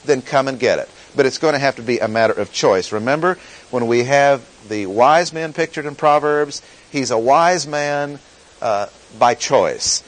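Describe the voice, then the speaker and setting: A man teaching through a Bible passage in a sermon, deliberate and emphatic, repeating key phrases. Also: mid-range voice, rough recording. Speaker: pastor teaching.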